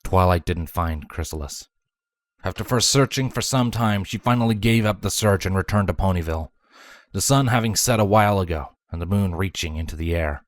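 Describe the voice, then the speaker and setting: Man, very deep voice, measured dramatic story narration, dry close sound. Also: no room sound. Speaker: fanfiction reader.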